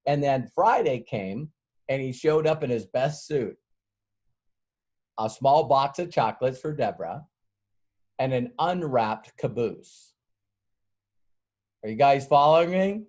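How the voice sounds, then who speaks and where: A man's voice: medium pitch, expressive, slow, pauses often, darkish tone. A middle-aged man giving a casual sales training talk, telling a rambling, folksy story and acting out the dialogue. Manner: rambling, folksy, laughs often, acts out dialogue.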